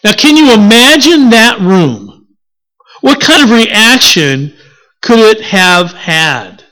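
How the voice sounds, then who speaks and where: Lively preacher with a wide-ranging pitch. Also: slow pace. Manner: lively, expressive delivery with rhetorical questions; corrects themselves mid-sentence. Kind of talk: sermon.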